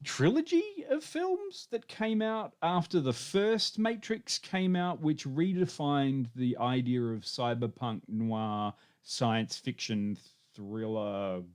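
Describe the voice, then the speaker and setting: A man's voice: mid-range voice, animated, slow. An Australian man co-hosting a podcast, chatting about films in a joking, sweary way. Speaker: podcast co-host. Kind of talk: casual film-review chat.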